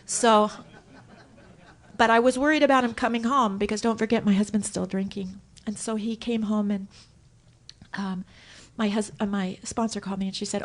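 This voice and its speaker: A woman giving a personal story share at a recovery meeting, animated and acting out her own thoughts as she tells it. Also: medium pitch, moderate pace. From Southern California. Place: hotel conference room.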